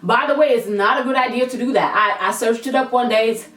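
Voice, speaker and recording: A young woman telling a storytime vlog in a lively, slangy way, swearing freely. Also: on the high side, a little fast, reverberant, recorded from a distance. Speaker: vlogger.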